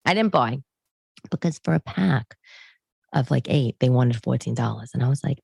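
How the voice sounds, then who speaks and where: Comic podcast host, forties, New York woman, deep and gravelly, dry close sound, rambling asides. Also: big pitch swings, normal speed, no room sound. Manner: rambling, full of asides and restarts. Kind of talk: casual chatty monologue. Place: living room.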